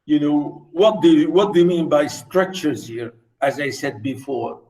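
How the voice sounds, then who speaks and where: A man's voice: a little high, unhurried, darkish tone. Emphatic Arabic-native male lecturer. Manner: emphatic, repeats words for stress. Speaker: literature lecturer. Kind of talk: university literature lecture. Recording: roomy echo.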